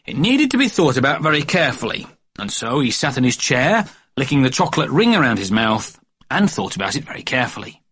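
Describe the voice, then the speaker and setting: Male audiobook narrator for a kids' story, animated, husky. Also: medium pitch, brisk, dry recording.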